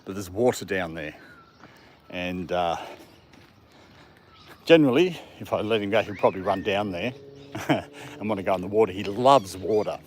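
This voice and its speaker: With a deep voice and moderate pace, a man chats casually on a live stream as he walks his dog through a park, speaking to it along the way. Faint outdoor background noise is audible.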